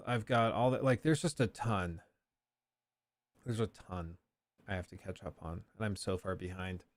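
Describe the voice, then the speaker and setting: A man hosting a casual livestream, reading out viewer questions and answering them in a loose, chatty way with quick asides. His voice sits at a middle pitch. The sound is dry and close, with no room around it. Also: no room sound. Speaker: livestream host.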